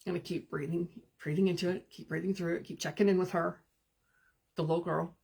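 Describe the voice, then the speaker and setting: A woman hosting a live stream as a spiritual coach, speaking in calm, gentle, meditative guidance with pauses and answering viewer comments. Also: lowish voice, vocal fry, slightly rough.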